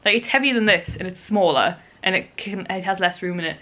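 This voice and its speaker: A woman's voice: mid-range voice, brisk, bright, forceful tone. A young woman, gushing and chatty in a casual home vlog, filling her talk with "like". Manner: gushing, chatty, repeats "like" often. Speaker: vlogger. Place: home room.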